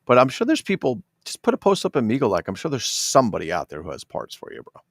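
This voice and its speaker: A man's voice: mid-range voice, huge pitch swings, fast, gravelly, dry recording, studio quality. A man hosting a casual livestream about toy collecting, rambling and correcting himself as he talks to viewers.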